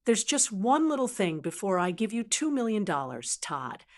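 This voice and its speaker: A woman putting on a booming Southern widow. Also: sing-song, moderate pace, natural voice. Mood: coy. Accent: slight Southern US drawl, put on. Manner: loud, booming, flirtatious. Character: brash wealthy southern widow, older woman.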